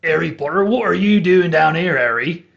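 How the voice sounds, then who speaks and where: A man voicing a big, gruff half-giant trader with a put-on West Country English accent, loud and hearty. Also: a little high, expressive, normal speed, lo-fi sound, voice pushed up. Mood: jovial.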